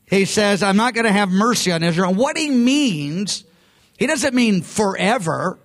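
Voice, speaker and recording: Speaking at a moderate pace, a man with a high, slightly bright voice and lively intonation delivers sermon teaching. He's emphatic and conversational, frequently cutting himself off and restarting his sentences.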